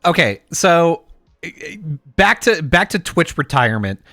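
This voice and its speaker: Bright-voiced man chatting on a podcast. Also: fairly high pitch, measured pace, dry recording, clean studio sound. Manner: animated, swears freely, acts out goofy voices. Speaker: podcast co-host. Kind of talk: casual chat.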